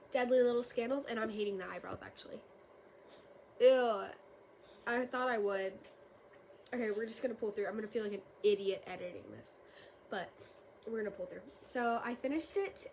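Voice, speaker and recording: Book vlogger, female, high-pitched, chatty and upbeat, casual talk to camera. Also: slight background noise. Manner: chatty and upbeat, often laughing. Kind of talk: casual vlog chat to camera. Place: her bedroom at home.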